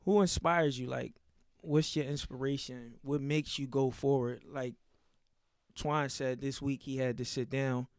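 Joking podcast host, dry studio sound. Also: male voice, mid-range voice, fairly even intonation, unhurried, smooth, no echo. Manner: joking, leads the talk with questions. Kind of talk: casual chat.

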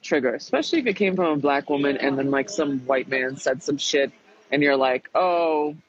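A man's voice: mid-range voice, a little fast. A man casually retelling a frustrating reality show experience, profane and emphatic, quoting people as he goes. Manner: profane, emphatic, animated retelling with quoted voices. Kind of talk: casual storytelling chat. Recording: dull lo-fi sound.

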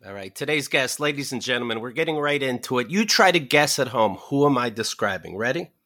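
A man's voice: mid-range voice, expressive, brisk, bright, forceful tone. A man hosting a podcast in casual chat, joking and teasing his guest. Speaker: podcast host.

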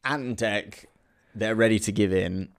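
A man tells a ridiculous improvised tale and trades jokes with a friend. His voice is low and gravelly, with a rough edge of fry. He laughs easily and builds on the other man's jokes. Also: unhurried. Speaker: comedy podcast co-host. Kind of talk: improvised comic storytelling.

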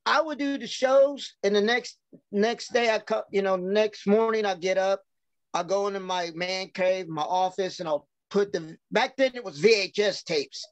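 A man's voice: sits high, normal speed, no room sound, highs cut off. A man, a professional wrestler, telling casual stories on a podcast, acting out quoted dialogue and swearing freely.

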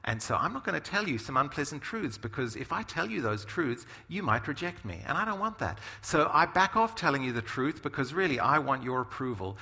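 A middle-aged man preaching a sermon in a conversational, animated way, often asking "right?". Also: mid-range voice, in a large hall. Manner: animated, conversational, many asides and tag questions. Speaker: pastor.

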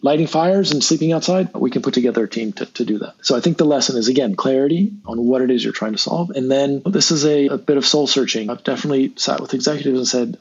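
A man telling a long parable in a relaxed interview, acting out the people he quotes. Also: mid-range voice, a little fast, slightly rough. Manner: rambling, animated, acts out quotes. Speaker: guest. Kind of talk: conversational storytelling. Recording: dull lo-fi sound with faint noise.

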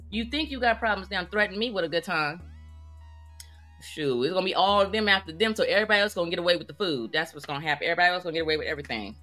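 A woman venting in a casual vlog, telling stories in an animated, exclamatory way with sudden high outbursts. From United States. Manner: animated, exclamatory storytelling with big pitch jumps. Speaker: vlogger. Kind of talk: casual rant to camera.

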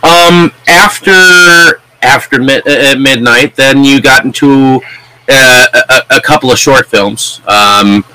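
A man's voice: mid-range voice, takes it slowly, bright, forceful tone, clear, resonant tone, no room sound, poor audio. A man interviewing a guest, asking casual questions hesitantly and checking facts with him.

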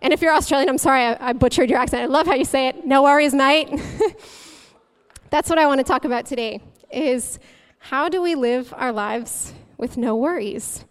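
A young woman delivers a relaxed, chatty sermon as a guest speaker, her voice high and smooth. She keeps things light and humorous, laughing easily between points. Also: brisk. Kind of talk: conversational sermon.

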